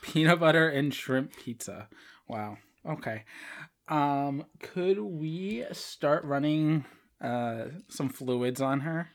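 On a podcast, a doctor works methodically through a mock oral boards exam case, dropping wry asides. His voice is a little high and his pace slow.

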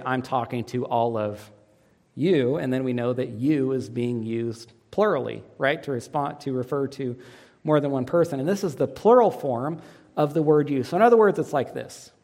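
A pastor preaching a sermon who asks the congregation fill-in questions and swings dramatically in pitch and loudness. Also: male voice, normal speed. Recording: long reverb of a church hall.

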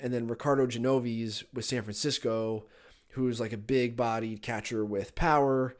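Man, mid pitch, casual podcast talk, lots of fillers and self-corrections. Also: steady tone. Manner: rapid rundown with frequent fillers and self-corrections. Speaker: baseball prospect analyst.

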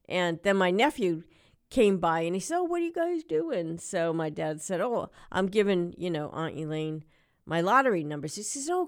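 Animated middle-aged woman radio host. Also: lowish voice. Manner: animated storytelling, ranting. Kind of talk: chatty radio talk.

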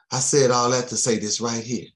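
A man preaching a sermon, chuckling often and dropping amens and soft thanks to Jesus between his points. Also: mid-range voice, level tone, moderate pace.

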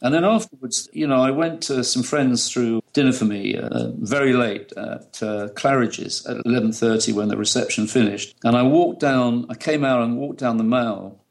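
With a gravelly, medium-pitched voice at normal speed, he barely pauses as he talks. This middle-aged photographer from the UK tells chatty, relaxed anecdotes in an interview, laughing often.

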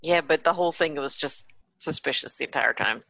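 A woman co-hosting a podcast in casual chat, adding wry, quick quips. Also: deep voice, gravelly, bright, forceful tone. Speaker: podcast co-host.

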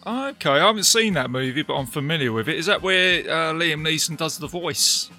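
A man's voice: a little high, brisk, bright, forceful tone, soft background music. An English man hosting a podcast, chatting casually and laughing easily. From England. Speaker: podcast host. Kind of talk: casual chat.

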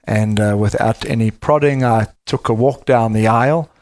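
South African man with a deep voice. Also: normal speed, a little mellow, no echo. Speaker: guest, medical business founder. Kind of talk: casual interview.

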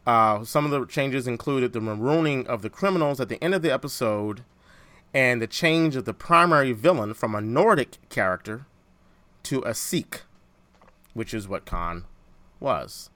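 Male podcast host, bright tone, dry close mic, animated and laughing. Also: mid-range voice, moderate pace, no room sound. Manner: animated, laughs often, restarts phrases. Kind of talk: casual chat.

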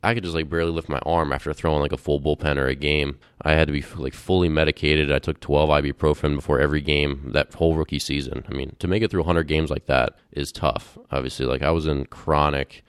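A man's voice: extremely low pitch, level tone, fast talker, hardly any pauses, clean tone, dry recording, clean studio sound. A young man hosting a podcast, telling a candid, rambling story in a casual way with fillers and restarts. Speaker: podcast host.

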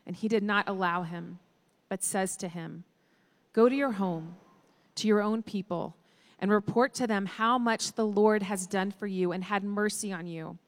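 A woman giving a steady, measured scripture reading. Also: medium pitch. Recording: echoey hall.

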